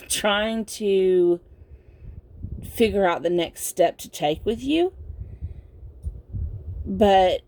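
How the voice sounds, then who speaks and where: A sleepy woman giving a casual pick-a-card tarot reading, talking in a slow, meandering way with lots of fillers. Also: medium pitch, a little mellow. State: sleepy, yawning. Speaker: tarot reader.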